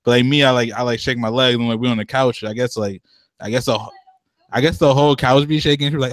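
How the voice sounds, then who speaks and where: Young male podcast co-host, loose and slangy, pitch shooting up when worked up; dry, close recording. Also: quick pace, no echo. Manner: animated, slangy, swearing, jumps up in pitch when riled. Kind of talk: casual chat.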